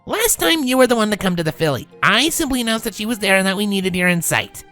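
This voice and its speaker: During a fanfiction reading, a man performs a full character voice for a brash, blunt young pegasus mare, pitched above his natural voice and raised in a teasing way. The high, bright, forceful delivery swings widely in pitch at a moderate pace, with a breezy mood. Faint music plays behind him.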